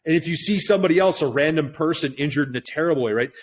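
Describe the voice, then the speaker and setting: Racing along in a slightly high voice, a middle-aged podcast guest muses casually on his topics. He often checks in with the listener by tacking "right?" onto what he says.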